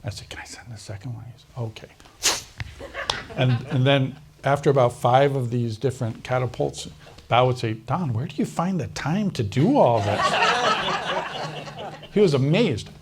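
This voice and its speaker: Against heavy background noise, a man being interviewed recounts a personal story at a moderate pace, with lively intonation and long pauses. His pitch is average for a man, and he acts out others' lines while laughing often.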